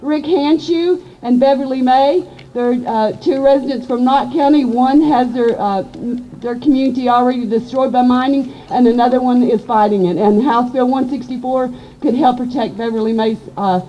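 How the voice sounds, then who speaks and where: A woman from emceeing an outdoor rally, chatty and energetic, leading chants with the crowd. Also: high voice, moderate pace, hardly any pauses, dull audio, slight background noise. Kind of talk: rally speech with call and response. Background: loud crowd.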